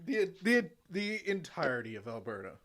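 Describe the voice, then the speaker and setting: A man's voice: fairly high pitch, sing-song, normal speed, a bit bright. A man from Canada, the game master chatting bluntly and swearing freely during a live tabletop game. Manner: blunt, swears freely, rants with mock outrage.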